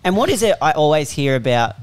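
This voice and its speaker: A man's voice: on the high side, very animated, quick pace, clean tone. A man hosting a podcast, asking his guest direct questions. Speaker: podcast host. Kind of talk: interview questions.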